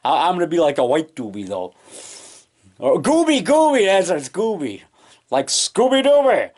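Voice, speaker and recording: A man rambling excitedly in a casual home vlog, full of restarts and trailing thoughts, recorded on a camcorder in his basement. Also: on the high side, moderate pace. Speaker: low-budget monster moviemaker. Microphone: camcorder mic.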